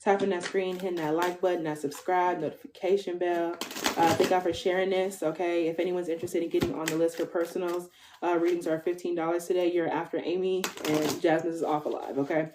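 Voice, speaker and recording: A woman's voice: fairly low pitch, flat delivery, brisk, background noise. A woman in her twenties giving a casual tarot reading to viewers, chatty, swearing freely and tagging most lines with "okay?". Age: 20s. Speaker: tarot reader.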